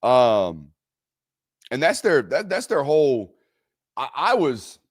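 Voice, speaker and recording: A male sports talk host with a lively, swinging pitch and a middle-range voice. He talks emphatically, repeats his points for effect and curses casually. Solo commentary delivered straight to the audience. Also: slow, breathy edge. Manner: emphatic, repetitive, swears freely. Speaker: college football show host.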